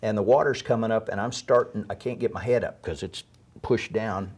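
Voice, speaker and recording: Low-voiced man with a husky tone. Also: a little fast. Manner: dry humor, vivid retelling with shouted quotes. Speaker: interview guest, disaster survivor. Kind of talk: storytelling interview.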